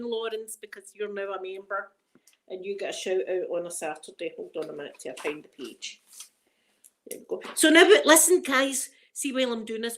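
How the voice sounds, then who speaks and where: A middle-aged woman with a Scottish accent, hosting a livestream and rambling through funny stories, laughing often. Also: on the high side. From Scotland. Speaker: livestream host. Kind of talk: casual storytelling chat.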